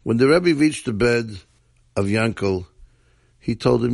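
Guy telling a story, slow and deliberate, kind of gravelly, dry sound. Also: mid-range voice, no room sound.

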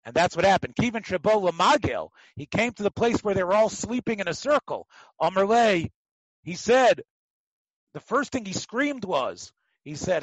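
A man teaching a Talmud class, telling the stories in an animated way, acting out the quotes and often restarting his sentences. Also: sits high, moderate pace, dry recording, low-quality recording. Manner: animated storytelling, acts out quotes, frequent restarts. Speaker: Torah teacher.

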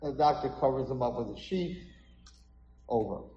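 A man's voice: mid-range voice, expressive, normal speed, dark tone, dull audio. A man, a rabbi, dramatically telling a story in a sermon at an event hall. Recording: echoey hall.

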